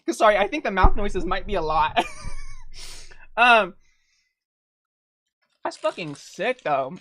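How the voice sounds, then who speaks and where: A young woman chatting casually and swearing a lot while eating on a live stream, close to a desk mic, breaking into laughs and loud outbursts. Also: medium pitch, big pitch swings, takes it slowly.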